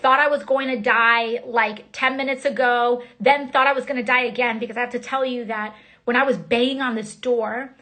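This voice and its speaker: A woman, a member of Congress, recounting events in a casual, halting livestream talk full of fillers and restarts. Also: on the high side, fairly even intonation, sharp tone. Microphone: phone.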